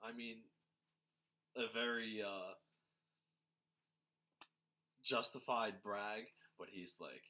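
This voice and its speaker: Bright-voiced man in casual chat. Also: fairly low pitch. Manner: halting, restarts often, animated when quoting. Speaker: podcast co-host. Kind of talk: casual conversation.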